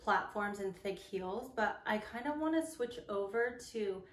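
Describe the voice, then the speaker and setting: A young woman who is an actor, gushing in a casual vlog from her messy bedroom. She talks excitedly and leans on "like" a lot. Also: mid-range voice, a little slow. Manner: gushing, excitable, heavy use of "like". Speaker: actor and vlogger. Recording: echoey room, mic at a distance, background noise.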